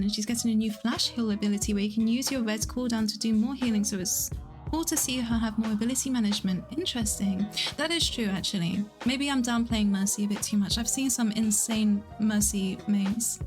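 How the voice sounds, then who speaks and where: A young woman hosts a relaxed livestream from home. She keeps up a chatty back-and-forth, reading viewers' messages out and answering them with quick giggles. Her voice sits slightly high, with quiet music playing in the background. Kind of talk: casual livestream chat.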